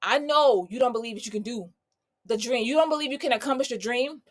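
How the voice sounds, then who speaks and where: A woman's voice: a little high, fast talker. A woman in her thirties giving an exuberant, preachy motivational live talk, greeting viewers by name. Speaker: host.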